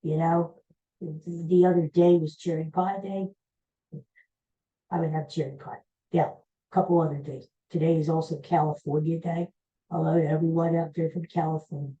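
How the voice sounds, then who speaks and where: Woman podcast host, rambling and jokey, low-ish dark voice, slightly muffled recording. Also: level tone, normal speed. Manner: rambling, jokey, teasing the studio crew. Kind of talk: casual chat.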